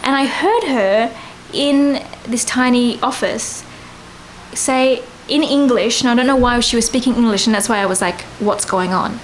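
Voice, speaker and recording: A woman in her thirties with a high, bright pitch, chatting as a guest and spinning a rambling anecdote. She giggles constantly between lines, with a faint hiss of noise behind her. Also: normal speed, rough recording. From Australia. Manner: giggly, rambling, laughs often. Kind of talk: casual storytelling chat.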